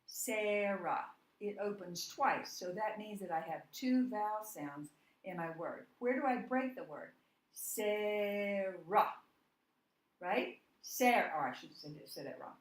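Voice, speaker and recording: A woman teacher giving a phonics lesson at a board, slow and deliberate, asking questions and answering them herself. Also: mid-range voice, animated, roomy sound, rough recording.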